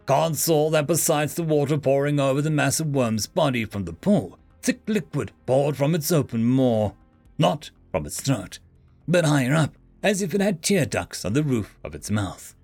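A man narrating a fantasy story in an expressive storytelling manner. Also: medium pitch, normal speed. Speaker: audiobook narrator. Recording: faint background music. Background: faint music.

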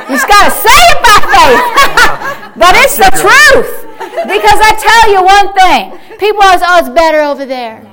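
A woman's voice: very high-pitched, animated, measured pace, a crowd in the background. A woman pastor preaching a fervent sermon and calling out to her congregation. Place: church service.

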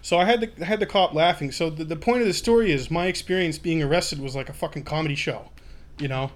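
Young guy telling a crazy story, kinda high voice, cursing, laughing, acting out the quotes. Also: fast. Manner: swearing, laughing, acts out quotes. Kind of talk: casual storytelling chat.

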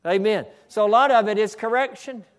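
A male preacher delivering a fervent sermon. He often restarts his phrases, breaks in with exclamations of praise, and builds up to shouting. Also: sits high, fairly quick.

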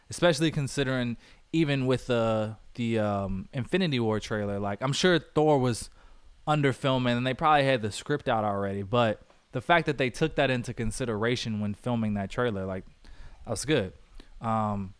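A man co-hosting a casual movie review podcast, talking in an animated way, laughing often and acting out lines from scenes. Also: medium pitch, normal speed, smooth, no room sound. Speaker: podcast co-host.

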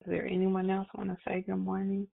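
A woman's voice: medium pitch, monotone, brisk, gravelly, no echo. Woman hosting a call over a phone line. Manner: warm, affirming, repeats praise phrases. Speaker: prayer call host. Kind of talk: casual phone call greetings.

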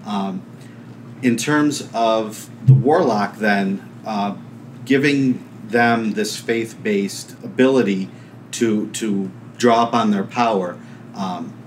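A man on a podcast panel, talking through ideas in a measured, analytical way. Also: fairly low pitch, a little hiss or hum. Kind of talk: casual podcast discussion.

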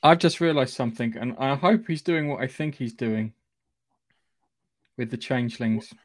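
A man's voice: medium pitch, normal speed, no room sound. Eager podcast man spinning theories. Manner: eager, building theories aloud. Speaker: podcast co-host. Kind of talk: casual chat.

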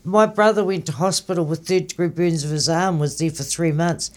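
Kiwi co-host, fairly high pitch, rambling anecdotes. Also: male voice, steady tone, fairly quick. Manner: rambling, storytelling tangents. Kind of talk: casual chat.

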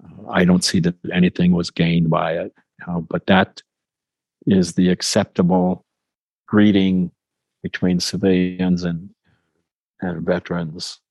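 Deep husky older man, thoughtful. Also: level tone, a little mellow, no echo, low-quality recording. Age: 70s. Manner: measured, thoughtful, with small restarts. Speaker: interview guest, veteran. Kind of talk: reflective storytelling in an interview.

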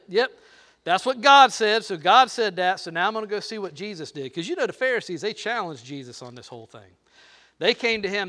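A man's voice: sits high, fairly bright tone. An older man preaching a sermon, playful and teasing, talking straight to the crowd. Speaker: pastor.

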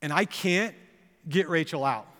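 A pastor preaching a sermon, telling a personal story with earnest, building intensity that rises to impassioned pleas. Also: male voice, a little high, measured pace, fairly bright tone. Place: church sanctuary. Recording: long reverb of a church hall.

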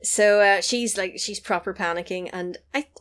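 A woman chatting casually on a podcast, retelling a film scene. She slips into small put-on voices for the characters and laughs easily, in an ordinary mid-pitched voice. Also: moderate pace, smooth.

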